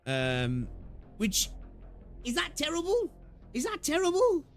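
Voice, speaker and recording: A man's voice: very high voice, huge pitch swings, slow pace, soft background music. A young man live-streaming a game, chatting casually with his viewers, swearing freely and repeating his own phrases.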